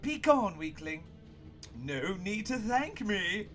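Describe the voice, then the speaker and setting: A man's voice: high voice, big pitch swings, slow, fairly bright tone, faint music behind, voice pushed up, full character voice. A man voicing a vain, cocky half-elf male mage who drawls smugly and boasts. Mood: boastful.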